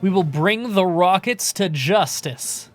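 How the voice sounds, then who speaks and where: A man's voice: high-pitched, animated, slow, faint music behind. A man voicing a stern male champion in a game, with a formal announcer-style delivery.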